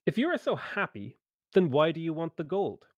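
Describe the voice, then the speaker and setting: A man's voice: a little high, sing-song, moderate pace, no echo, muffled recording, voice pushed up. A man playing a smug, greedy wizard. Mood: mocking. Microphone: online voice call.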